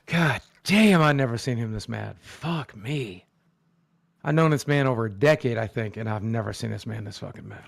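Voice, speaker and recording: A man's voice: mid-range voice, moderate pace, gravelly, no echo. A man on a live stream, chatting casually and swearing. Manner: laid-back, swearing.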